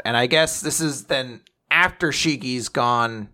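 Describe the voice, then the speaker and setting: A young man co-hosting a casual podcast, recapping a story in a rambling, animated way with laughs. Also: mid-range voice, unhurried. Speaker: podcast co-host. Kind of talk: casual chat recapping a manga chapter.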